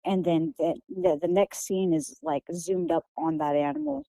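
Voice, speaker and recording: Soft-spoken hesitant young woman. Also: on the low side, animated, moderate pace, dry recording, low-quality recording. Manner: hesitant, many fillers and restarts. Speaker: guest author. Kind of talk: casual interview answers.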